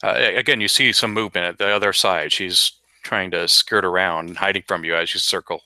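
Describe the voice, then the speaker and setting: Man, game master narrating, low voice with a very bright, sharp edge, dry close sound, halting delivery. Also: steady tone, no room sound. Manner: narrates with frequent uhs and repeats.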